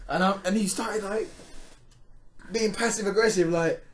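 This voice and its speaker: A man's voice: high-pitched, normal speed, fairly bright tone. A man telling a long story in a casual podcast chat, laughing and restarting often. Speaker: podcast guest.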